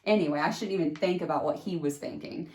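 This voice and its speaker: Animated woman telling a story. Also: fast, roomy sound. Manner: animated, jumps into high pitch acting out quotes. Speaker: podcast host telling a personal story. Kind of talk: casual storytelling.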